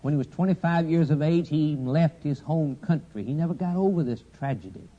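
A man preaching a sermon in a warm, husky voice, pitched a little high. His delivery is cadenced, with a repeated refrain that falls at the end of each point. The recording is dull and lo-fi. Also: a little fast.

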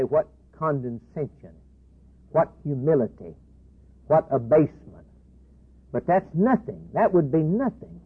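Impassioned man preaching over tinny audio. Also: a little high. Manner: impassioned, repetitive, swinging between loud declarations and hushed asides. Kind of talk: sermon. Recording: tinny phone-like band, husky.

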